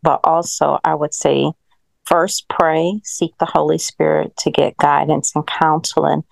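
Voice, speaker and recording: A woman with a very low, heavily gravelly voice offers careful advice to a bible study group. She speaks in a measured way with "um" pauses, and the recording is dry and close. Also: little pitch movement, no room sound. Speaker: congregation member.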